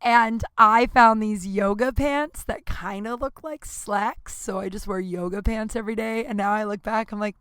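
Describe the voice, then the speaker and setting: A woman's voice: mid-range voice, steady tone, measured pace, hardly any pauses, fairly bright tone, clean tone, no echo, studio quality. A woman in her thirties hosting a solo podcast, rambling candidly with lots of fillers, swearing and self-deprecating asides. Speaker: podcast host. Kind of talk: casual solo podcast monologue.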